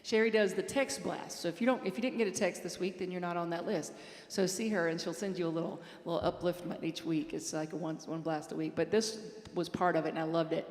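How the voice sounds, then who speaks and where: A woman's voice: lowish voice, fairly even intonation, fast. Woman preaching in an echoing hall. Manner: warm conversational storytelling with laughs. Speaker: minister. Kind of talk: Sunday talk to a congregation. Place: large hall with congregation. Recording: echoey hall reverb.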